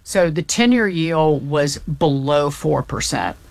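Low-voiced, unhurried woman explaining economics. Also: expressive, vocal fry, a little mellow, no echo. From Southern United States. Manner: fact-heavy, restarts mid-sentence. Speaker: economics commentator. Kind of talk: casual explanatory chat.

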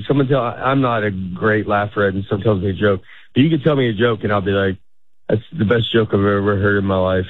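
Tinny-sounding comedian rambling with restarts. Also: male voice, medium pitch, no echo. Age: middle-aged. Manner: rambling, self-interrupting, laughs often. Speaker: stand-up comedian guest. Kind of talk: casual interview chat.

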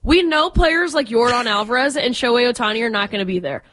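A woman's voice: a little high, quick pace, a bit bright. A woman co-hosting sports talk radio in a studio, blunt and opinionated.

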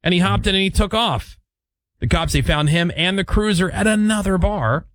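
A man's voice: high voice, moderate pace, no room sound. A middle-aged man, hosting a casual talk show and telling stories, acting out the quotes in them. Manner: animated storyteller, acts out quotes. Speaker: radio show host.

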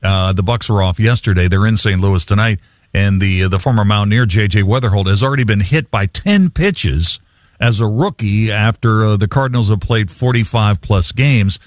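A man's voice: fairly low pitch, normal speed, no echo, studio quality. A man hosting a sports radio call-in show, chatty, reading trivia with easy asides.

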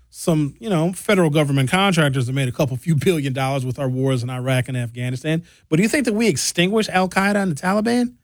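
A man's voice: a little high, no room sound. A man giving a blunt, sarcastic comedic political rant.

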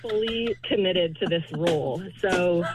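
A woman on a radio call-in telling a story with wry, deadpan humor. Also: lowish voice, measured pace, very noisy. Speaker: caller.

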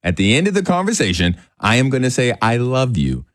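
A man's voice: medium pitch, wildly swooping pitch, dry recording. Upbeat radio host man, dry studio sound. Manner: upbeat, playful and quick. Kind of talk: morning radio call-in game. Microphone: studio microphone.

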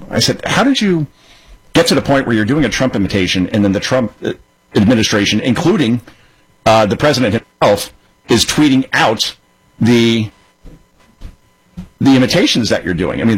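Radio host: a low, husky-voiced man who rambles casually. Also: expressive, brisk, poor audio. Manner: chatty, loose and digressive.

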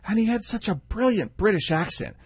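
A man's voice: high-pitched, big pitch swings, brisk, breathy edge, dry recording. A man co-hosting a radio show, chatting casually and pragmatically, with a wry manner and frequent laughs. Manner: pragmatic, wry, laughs often, acts out quotes.

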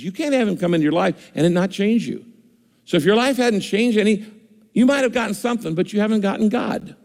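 Pastor guy preaching, gravelly voice, echoey church hall, repeats stuff for emphasis. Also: fairly high pitch, a little mellow. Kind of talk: sermon.

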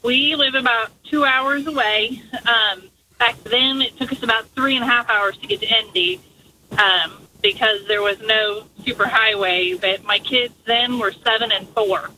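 Woman caller from Indiana, bright and eager, faint line noise. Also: a little high, a little slow, rough recording. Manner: enthusiastic, chatty with fillers. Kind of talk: call-in radio chat.

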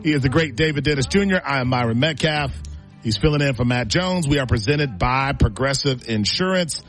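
A man's voice: mid-range voice, fairly quick, a bit bright, faint music behind. A man hosting a sports radio show, bantering casually and reading out phone numbers and sponsor plugs.

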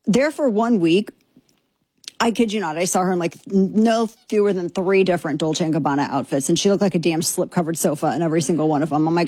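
Woman co-host, sarcastic and animated, dry close sound. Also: fairly low pitch, quick pace, slightly rough, dry recording. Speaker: podcast co-host. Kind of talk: casual political commentary.

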